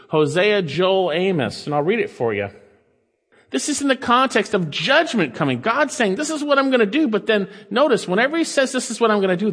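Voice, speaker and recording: A male preacher with a fairly high voice, reading scripture aloud and then pressing the point in his own words. He swings between raised, emphatic lines and quiet, low asides. His voice carries a long reverb, as in a large hall. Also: breathy edge. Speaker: pastor. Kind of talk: sermon.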